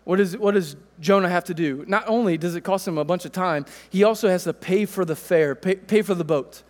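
A man in his thirties preaching a sermon, telling a family story in a relaxed, conversational way. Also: high-pitched, fairly quick, long reverb tail. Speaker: pastor.

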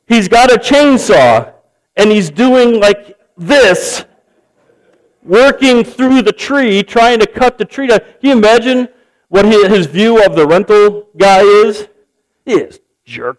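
A man's voice: high-pitched, low-quality recording. A man preaching a sermon, telling a joke story and acting out its characters with animation. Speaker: pastor.

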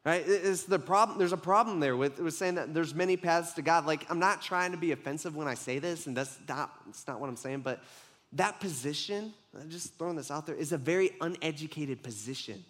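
A man's voice: fairly high pitch, brisk, fairly bright tone. A young adult man preaching a casual, conversational sermon, tossing in "like" and "right?" as he talks to a congregation.

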